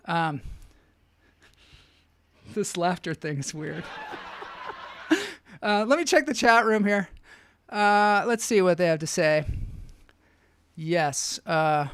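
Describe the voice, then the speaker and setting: Dry-voiced rambling comedian, laughing along. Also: male voice, sits high, fairly bright tone, no echo. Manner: rambling and self-amused, often laughing at his own jokes. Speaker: comedian hosting a live online show. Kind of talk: casual comic storytelling and chat reading.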